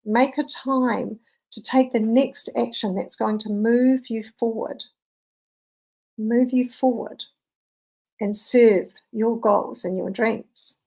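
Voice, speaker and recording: A woman's voice: fairly high pitch, steady tone, takes it slowly, vocal fry, darkish tone, low-quality recording. A woman in her fifties, a mindset coach, telling a personal story in an earnest, conversational motivational talk.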